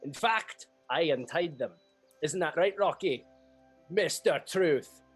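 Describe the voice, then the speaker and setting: Shifty, husky male player. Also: a little high, animated, slow pace, a bit bright, faint music behind. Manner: shifty, talking his way out. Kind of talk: in-character tabletop role-play.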